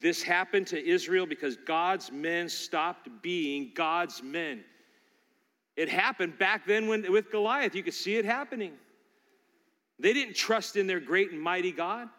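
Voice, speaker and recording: A man preaching a sermon, emphatic and swinging from loud declarations to hushed appeals. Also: sits high, measured pace, in a large hall.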